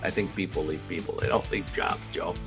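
A man's voice: sits low, fairly quick, creaky, music in the background. A middle-aged man co-hosting a podcast, talking earnestly in casual chat, laughing easily and repeating his point. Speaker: podcast co-host.

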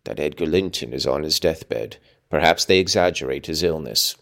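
A man reading aloud, voicing a cruel, scornful middle-aged father in a low, curbed, menacing tone. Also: moderate pace, gravelly, fairly bright tone, full character voice. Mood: sardonic.

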